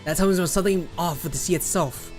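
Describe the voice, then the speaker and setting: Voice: medium pitch, quick pace, soft background music, natural voice. A streamer voicing a stubborn older island woman in a put-on American Southern drawl, blunt and scolding. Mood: grave.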